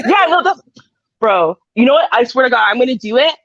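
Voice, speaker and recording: Canadian woman cohosting a stream, giggly and chatty, higher voice, dull dry mic sound. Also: animated, fairly quick, fairly bright tone, no room sound. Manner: bubbly, giggly, lots of "like". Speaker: co-host. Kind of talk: casual chat on a live stream.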